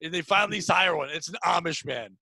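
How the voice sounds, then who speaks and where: A man hosting a casual comedy podcast, riffing excitably on a movie idea and bursting into shouted bits. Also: on the high side, a little fast, vocal fry, dry recording, low-quality recording. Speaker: podcast host.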